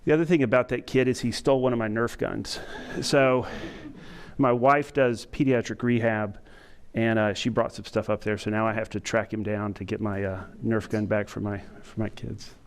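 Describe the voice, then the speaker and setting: A middle-aged man giving a training lecture to emergency medical staff, talking in a self-described monotone and pausing often with fillers. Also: lowish voice, clear, resonant tone. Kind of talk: conference lecture to EMS staff. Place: lecture room with an audience.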